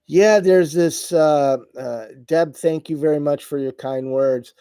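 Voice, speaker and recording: Host, middle-aged man, casual live chat, tired and halting, mellow dry voice. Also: fairly high pitch, clear, resonant tone, no room sound. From United States. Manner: halting, many fillers and restarts, emotional. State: tired, voice wearing out. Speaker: livestream host. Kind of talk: casual live chat reading viewer comments.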